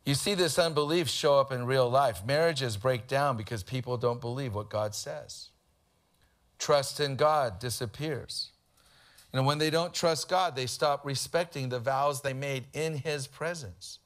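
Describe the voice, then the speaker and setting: A man's voice: medium pitch, unhurried, fairly bright tone. A man, preaching a sermon in a conversational style with humorous anecdotes. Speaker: pastor.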